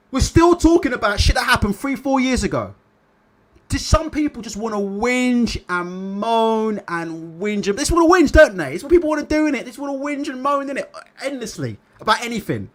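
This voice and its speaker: A man hosting a casual livestream, reading viewer comments aloud and chatting about them in an animated way. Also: very high voice. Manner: animated, repeats tag questions. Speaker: boxing livestream host.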